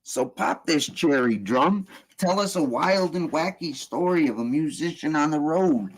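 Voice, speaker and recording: Profane, animated man ranting. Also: fairly high pitch, unhurried, husky. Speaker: host. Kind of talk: casual group voice chat.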